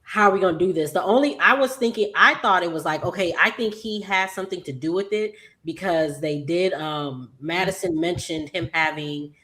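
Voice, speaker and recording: A woman's voice: on the low side, moderate pace, hardly any pauses, a bit bright. A woman co-hosting a casual recap chat, talking things through with ums and hesitations. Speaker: podcast co-host.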